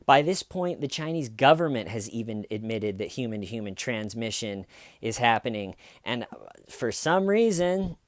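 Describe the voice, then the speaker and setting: Man, casual true-crime monologue, indignant, filler-heavy, clear resonant tone. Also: medium pitch, sing-song, moderate pace, no echo, studio quality. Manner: conversational, indignant, many fillers and restarts. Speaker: podcast host.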